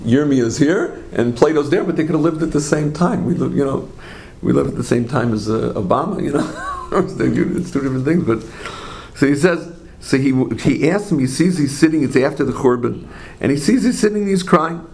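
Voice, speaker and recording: A man teaching a religious class, an animated storyteller who asks rhetorical questions, makes asides to his listeners, and often corrects himself mid-phrase. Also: medium pitch, moderate pace, creaky. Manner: frequent self-corrections and trailing phrases. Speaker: Torah teacher.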